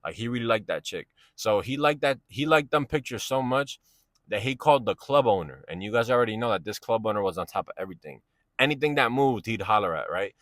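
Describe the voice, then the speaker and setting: Casual storyteller, male, low-pitched, rambling slang delivery, dry close sound. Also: animated, a little fast, a bit bright, no room sound. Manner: slangy, rambling, keeps asking "you know what I'm saying". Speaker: vlogger telling a personal story.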